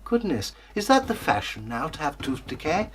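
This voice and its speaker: A pompous, airy king who drawls his words with lofty surprise, performed by a man. His voice sits higher and fuller than the teller's own, and he sounds grand, in a fairytale told aloud. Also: big pitch swings, a little hiss or hum. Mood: haughty. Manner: haughty and drawn-out, raised pitch.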